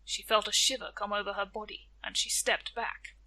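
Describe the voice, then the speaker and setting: A woman narrating a folktale as a storyteller, in a gentle, deliberate way. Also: mid-range voice, flat delivery, rough recording.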